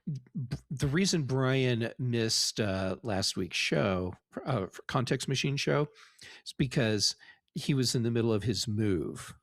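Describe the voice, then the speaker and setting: A man co-hosting a tech podcast, talking in a relaxed, rambling way with many fillers. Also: mid-range voice, takes it slowly, dry recording, clean studio sound. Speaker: podcast co-host. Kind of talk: casual tech podcast chat.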